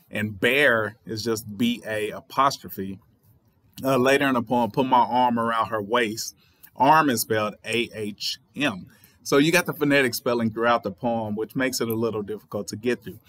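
A writer and channel host from the Southern United States, speaking with a Southern accent, thoughtfully explains a poem and spells words out letter by letter. His mid-range voice is fairly bright at a moderate pace, and the recording is dry.

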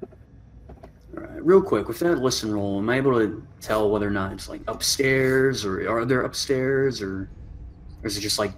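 A man plays a tabletop horror game, thinking aloud with lots of fillers and restarts. His voice is a little low. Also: normal speed, a little hiss or hum. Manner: hesitant, full of fillers. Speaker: player. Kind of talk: casual tabletop gaming chat.

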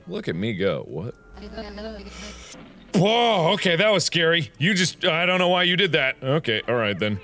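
A man hosting a gaming video, giving animated, jokey let's-play commentary that swings from squeaky to mumbled. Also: a little slow, pauses often, faint music behind.

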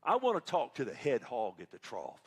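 A man's voice: medium pitch, wildly swooping pitch, normal speed, husky, heavily acted. A man putting on a wealthy countrified Texan caller with a folksy drawl and a Texan accent. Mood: blunt.

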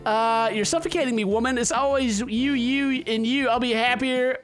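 A man's voice: very high-pitched, moderate pace, fairly bright tone. A man doing let's-play commentary, rambling, laughing often and hamming up mock-romantic lines to a game character. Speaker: gaming YouTuber.

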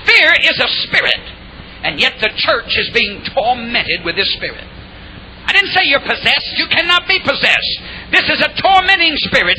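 An older man preaching a revival sermon, shouting and calling on the crowd to answer back. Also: very high-pitched, a little hiss or hum, poor audio. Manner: shouting, call-and-response exhortation.

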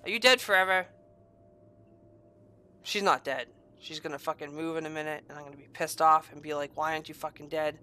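Young woman streaming a horror game, super bright voice, swears constantly, yelps when stuff jumps out. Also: low voice, fairly quick, long pauses, smooth. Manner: crude, swears a lot, jokey; yelps and shouts when startled. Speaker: gamer playing a horror game. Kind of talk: let's play commentary.

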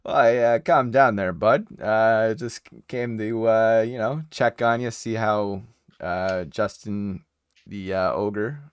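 Man, tabletop player, in character, casual, halting, low voice. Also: steady tone, smooth, dry recording. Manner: hesitant, many ums and uhs.

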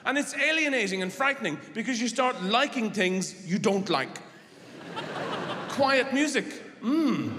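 A man doing a stand-up comedy routine in a rambling, deadpan way, bursting into shouted silly voices. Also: very high-pitched, moderate pace. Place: large theatre stage. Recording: live hall with audience noise.

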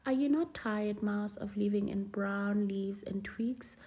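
A woman's voice: mid-range voice, a little slow, warm tone, lightly acted. A woman voicing a boastful, mean little male weaver bird in a storybook reading, showy and taunting.

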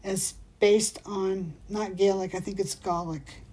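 A woman's voice: mid-range voice, fairly even intonation, takes it slowly, mellow, slightly rough. A woman hosting a casual livestream, chatting in a rambling, digressive way and reading out viewer comments. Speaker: jewelry shop livestream host.

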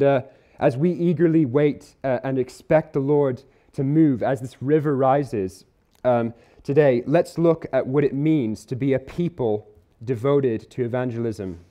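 A man preaching a sermon at church, earnest and conversational, slowing down to stress key words. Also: medium pitch, warm tone. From Isle of Man or UK. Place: church hall.

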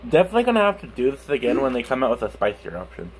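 A man's voice: mid-range voice, wildly swooping pitch, racing, slight background noise. A young man chatting casually on his vlog, speaking with a lisp from a burned tongue, laughing and swearing as he stumbles over words. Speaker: YouTuber.

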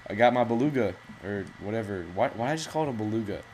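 A man with a fairly low voice gives live gameplay commentary. He rambles through jokes and self-mocking asides. Faint noise sits under his voice. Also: lively intonation, quick pace, a little mellow, rough recording. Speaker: gaming channel host.

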